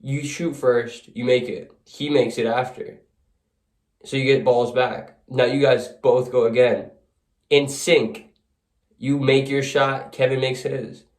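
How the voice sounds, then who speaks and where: A man's voice: medium pitch, fairly even intonation, slow pace. A man telling a casual second-person story, setting the scene vividly, in a roomy, echoey recording. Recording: roomy echo.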